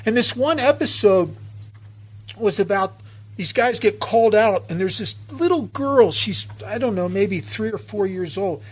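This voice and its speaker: A man in his fifties giving an earnest twelve-step recovery talk, halting and restarting as he tells stories. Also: high voice, lively intonation, slightly rough.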